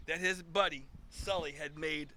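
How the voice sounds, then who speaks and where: A man's voice: fairly high pitch, fairly even intonation, moderate pace, sharp tone, a little hiss or hum. A man in his fifties, a guest musician, telling stories in a casual chat, acting out quoted dialogue with frequent restarts.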